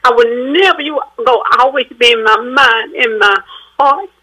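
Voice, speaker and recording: A woman's voice: fairly high pitch, moderate pace, sharp tone, low-quality recording. A woman calling in to a radio show, speaking in a heartfelt, effusive way and fighting back tears. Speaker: caller. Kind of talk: call-in radio talk.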